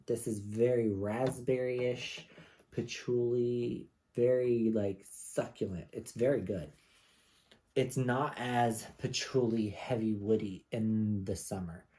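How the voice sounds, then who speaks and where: A man's voice: fairly low pitch, mellow. A man in his mid-thirties reviewing fragrances in casual, rambling home-studio chat with frequent asides. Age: 30s.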